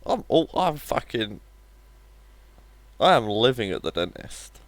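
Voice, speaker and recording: Wry, animated man chatting on stream. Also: mid-range voice, measured pace, no room sound. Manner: wry, joking, swears offhandedly. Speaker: live streamer. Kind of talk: casual live-stream chat while gaming.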